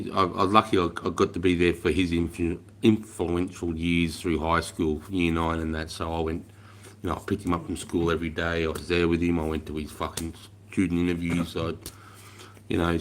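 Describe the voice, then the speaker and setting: Deep-voiced Australian man, rambling and blunt. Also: little pitch movement, brisk. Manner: blunt, rambling, swears freely, calls everyone mate. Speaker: livestream host. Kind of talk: casual livestream chat.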